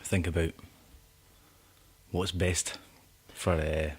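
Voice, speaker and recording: A man's voice: deep voice, flat delivery, very slow, husky. A Scottish man with a Scottish accent, a singer-songwriter guest chatting casually in a rambling, laid-back way. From Scotland. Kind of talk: casual chat.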